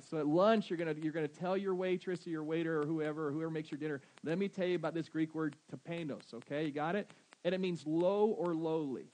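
A man's voice: fairly high pitch, a little mellow, low-quality recording. A man with a Southern American accent preaching a sermon as pastor, often asking his congregation questions.

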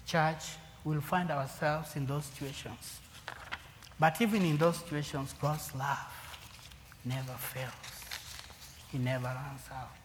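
A man with a fairly high voice preaches a sermon to his congregation. He swings from loud, emphatic lines down to near-whispers. The hall rings with a long echo under a faint hum of noise.

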